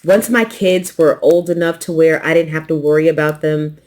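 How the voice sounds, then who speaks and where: Woman host with a light Southern twang, lowish voice, chatty and loose, slurs some consonants. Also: moderate pace. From New York. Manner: relaxed, rambling, swallows consonants. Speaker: quilting channel host. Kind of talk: casual unboxing chat.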